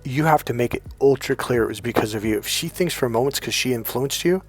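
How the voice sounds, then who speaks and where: A man's voice: medium pitch, fast talker, husky. A middle-aged man coaching on dating, giving blunt, profane advice mixed with stories. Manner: profane, emphatic, storytelling. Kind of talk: blunt advice monologue with anecdotes.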